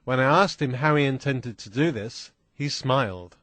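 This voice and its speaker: A man reading a first-person adventure story aloud in a slow, deliberate, plain manner. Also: medium pitch, a bit bright, no room sound. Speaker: audiobook reader.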